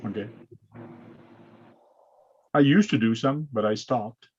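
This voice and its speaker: A man's voice: medium pitch, takes it slowly, slightly rough. Guy hosting a casual rc chat, talks it through with lots of uh's, dull lo-fi sound. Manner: chatty, explains step by step with many uh's. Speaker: host. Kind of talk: casual hobby livestream chat.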